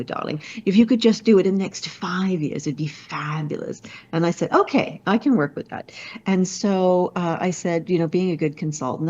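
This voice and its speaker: Low-voiced woman consultant over a call. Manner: animated, self-deprecating storyteller with quick asides. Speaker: business consultant and speaker. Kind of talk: conversational storytelling interview. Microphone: video call. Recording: dull lo-fi video call audio.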